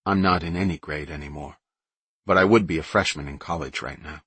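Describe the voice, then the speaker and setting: A man reading a brainy teenage girl who explains her plans in a precise, calm way, in an audiobook. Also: rumbling low, a little fast, slightly rough, dry recording, full character voice. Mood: explaining.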